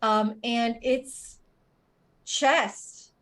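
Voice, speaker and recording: A woman's voice: fairly high pitch, fairly even intonation, extremely slow, fairly bright tone. A woman narrating as game master of a tabletop game, talking loosely with many fillers. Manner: rambling, filler-heavy narration. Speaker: dungeon master.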